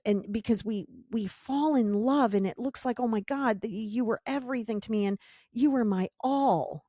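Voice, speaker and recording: A woman's voice: fairly high pitch, moderate pace, warm tone, dry recording, studio quality. A woman hosting a podcast, giving a blunt, emphatic motivational monologue and repeating her key points. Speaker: podcast host.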